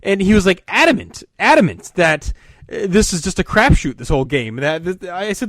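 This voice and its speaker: Casual podcast co-host, a man with a fairly high voice, ranting and swearing through a story, close dry mic. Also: normal speed, no echo. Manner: animated ranting storyteller, profane.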